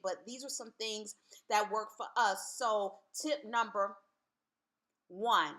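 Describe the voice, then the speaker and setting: A woman's voice: on the high side, slow pace, pushed and bright. A woman talking earnestly and candidly to camera as a Christian vlogger, casual and full of "like". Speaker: Christian vlogger giving marriage advice. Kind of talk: casual faith talk to camera.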